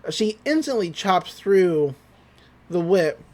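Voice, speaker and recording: A man's voice: high-pitched, lively intonation, takes it slowly. A young man on a podcast, casually recapping an anime episode with loose paraphrased quotes and lots of fillers. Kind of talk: casual chat.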